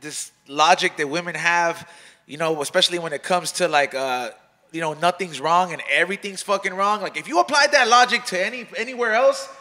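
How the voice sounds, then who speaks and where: Man, podcast host, high voice, very fast, slangy, swears a lot, some Spanish. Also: sharp tone. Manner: fast, profane, slangy street talk mixing in Spanish. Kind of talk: casual chat.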